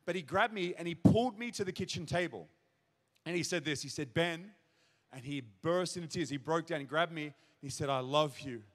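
A man's voice: fairly high pitch, brisk. A man giving his testimony as a pastor, telling the story vividly to a church crowd. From Australia. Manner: storytelling, acts out shouted child's cries. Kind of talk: testimony sermon. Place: large church auditorium. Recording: long hall reverb.

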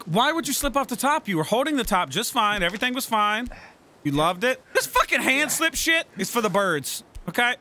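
A man giving excitable, profane gameplay commentary, yelling at and coaching his game character. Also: high-pitched. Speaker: let's play gamer.

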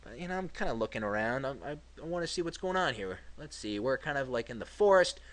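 A man's voice: mid-range voice, lively intonation, quick pace. A man commentating his gameplay casually, sarcastic and grumbling, swearing freely.

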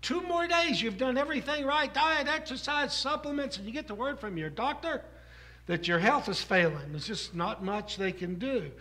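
A man's voice: very high voice, animated, moderate pace, bright, forceful tone. A man preaching a sermon from the pulpit in a conversational way, repeating phrases for emphasis. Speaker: pastor. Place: church sanctuary.

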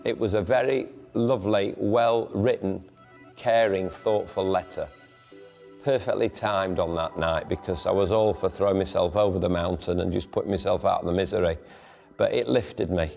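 A man calmly looking back in an interview. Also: deep voice, normal speed, vocal fry, faint music behind. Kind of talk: reflective interview.

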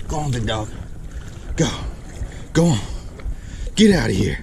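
A man's voice: medium pitch, big pitch swings, a little slow, gravelly, long pauses, noisy background. A man vlogging from a riverbank while fishing, breathless and exclaiming over and over. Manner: breathless, keeps exclaiming and repeating himself. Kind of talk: excited outdoor fishing narration. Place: riverbank outdoors.

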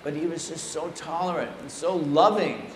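Animated male storyteller in an echoey room. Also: fairly high pitch, normal speed. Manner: animated, playful anecdotes with acted quotes. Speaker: speaker at a temple. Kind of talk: humorous storytelling talk. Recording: echoey room, faint noise.

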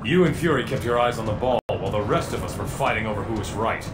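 A man's voice: medium pitch, lively intonation, fast, close to an everyday voice. An actor voicing a determined male superhero in a video game, speaking earnestly and urgently. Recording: game audio with a roomy echo and music.

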